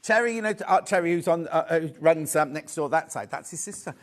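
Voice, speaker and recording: This live TV sales chat features a Yorkshire man showing off fabric, effusive and talkative and prone to asides. His voice is a little high and his pace a little quick.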